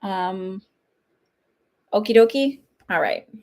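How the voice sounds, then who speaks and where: A woman's voice: medium pitch, expressive, takes it slowly, a little mellow, a little hiss or hum. A woman in her thirties, a psychic medium chatting casually on a livestream, rambling and laughing often. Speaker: psychic medium hosting live readings.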